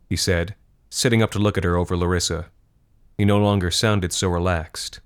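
Deep-voiced man narrating dark fiction. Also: fairly even intonation, normal speed, clear, resonant tone. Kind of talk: scripted horror fiction narration.

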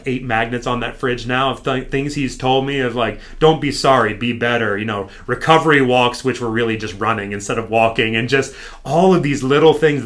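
American guy on a podcast, bright voice, animated, keeps doing his trainer's lines. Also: mid-range voice. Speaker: podcast guest. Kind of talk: casual storytelling.

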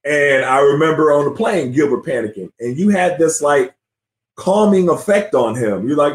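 Animated man telling stories in a roomy space. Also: a little high, moderate pace. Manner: animated storytelling, often says "you know what I mean". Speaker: podcast host, former NBA player. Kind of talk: casual sports interview chat. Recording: roomy echo.

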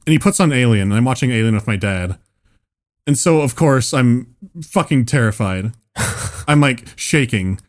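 A man's voice: medium pitch, expressive, moderate pace. Rambling, laughing male podcast storyteller. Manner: rambling, laughing, swearing, restarts mid-sentence. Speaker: podcast co-host. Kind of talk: casual comedic storytelling.

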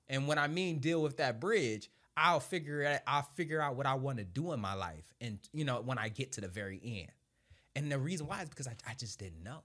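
A young man with a mid-pitched voice telling his story in a lively, unscripted way. He swears easily and laughs often, then softens his voice when he gets reflective. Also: brisk. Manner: animated, swears freely, laughs through his stories; drops low and quiet at reflective moments. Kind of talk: casual storytelling.

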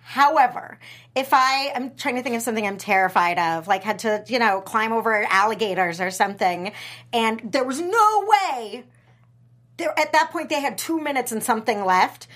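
A woman co-hosting a podcast in casual chat, with a somewhat high voice. She talks in an animated, chatty way, with a touch of exasperation. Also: normal speed. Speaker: podcast co-host.

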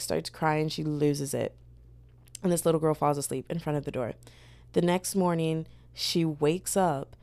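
A woman's voice: low-pitched, gravelly, warm tone, dry recording. A young woman chatting casually on her channel, retelling a story in a rambling way, full of fillers and quoted voices. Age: young adult. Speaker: book vlogger.

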